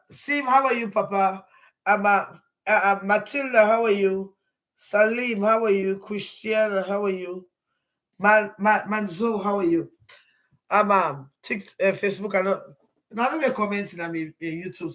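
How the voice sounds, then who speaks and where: Rambling woman live-streaming. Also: mid-range voice. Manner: rambling, greets viewers one by one, rising to loud bursts. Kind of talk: casual live-stream chat.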